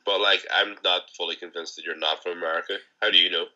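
A man's voice: sits low, fairly even intonation, fast talker, pushed and bright. A young man co-hosting a podcast, rambling and teasing in casual banter and swearing freely. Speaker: podcast co-host. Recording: dull lo-fi podcast audio.

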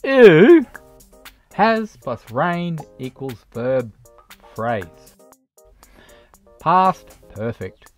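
A narrator reads a grammar lesson for English learners, spelling out each example at an unhurried pace. The intonation rises and falls in an animated way. Soft music plays quietly underneath. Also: mid-range voice. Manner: slow, deliberate explaining with read-out examples. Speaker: English teacher.

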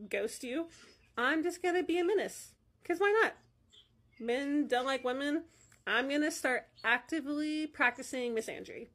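Wry woman with a fairly high voice. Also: a bit bright. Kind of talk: casual social media monologue.

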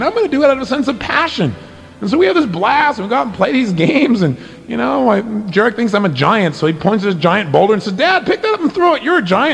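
Gravelly, animated middle-aged man. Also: high-pitched. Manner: animated storytelling, swinging from excited to hushed and earnest. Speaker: motivational speaker. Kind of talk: motivational talk with personal stories.

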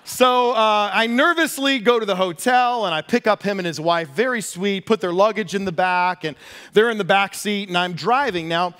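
A pastor preaching a sermon, telling a personal story with lively, self-deprecating humor. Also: male voice, high-pitched, normal speed.

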